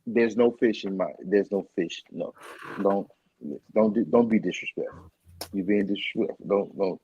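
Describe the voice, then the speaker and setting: A man co-hosting a casual chat show, expressive and talking with wide swings in pitch. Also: normal speed, husky, muffled recording. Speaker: podcast co-host.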